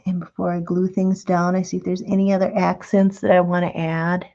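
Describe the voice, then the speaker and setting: Gravelly low-voiced woman demonstrating crafts. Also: little pitch movement, brisk, warm tone, highs cut off. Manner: chatty, patient, talks while working with hands. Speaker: craft tutorial host. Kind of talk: relaxed step-by-step craft demonstration.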